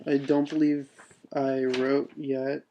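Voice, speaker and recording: A man's voice: medium pitch, level tone, takes it slowly, lo-fi sound, noisy background. A man reading his own second-person adventure text aloud, unpolished, with spoken asides.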